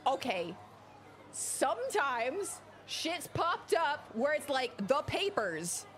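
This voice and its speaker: High, lively, profane woman streamer. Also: takes it slowly. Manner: excitable and profane, swings from muttering to shouting. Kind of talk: casual let's-play chat. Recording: game music playing behind. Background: game music.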